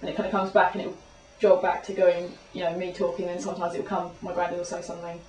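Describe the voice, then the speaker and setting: A young woman talks fast and nervously, circling back over her own words and restarting her sentences in a casual chat. The sound is roomy and echoey, and she sits some way from the mic. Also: lowish voice, completely flat delivery, a little mellow. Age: young adult. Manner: rambling, nervous, full of restarts. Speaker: student. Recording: echoey room, mic far off.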